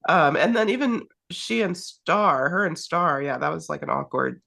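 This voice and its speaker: A woman's voice: deep voice, animated, moderate pace, creaky, sharp tone. A woman co-hosting a podcast, talking casually and hesitantly with many fillers and laughs. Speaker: podcast co-host. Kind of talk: casual recap chat.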